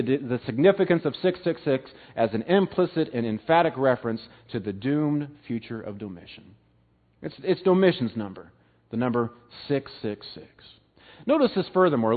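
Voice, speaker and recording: A man teaching an evening Bible lesson to a live class, emphatic, swinging from loud stresses to quiet drops and repeating words. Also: on the high side. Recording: tinny phone-like sound.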